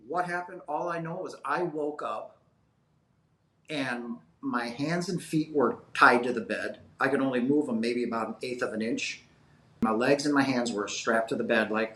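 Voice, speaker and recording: A man's voice: medium pitch, steady tone, moderate pace, pushed and bright. A man in his fifties, a guest telling a personal story in an interview, earnest and rambling with many fillers. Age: 50s. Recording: roomy echo.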